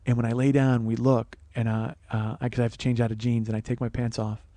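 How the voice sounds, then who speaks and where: A man hosting a podcast, telling a comic personal story in a profane, animated, self-mocking way. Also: medium pitch, fast, no room sound. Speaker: podcast host. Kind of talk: comedic storytelling monologue.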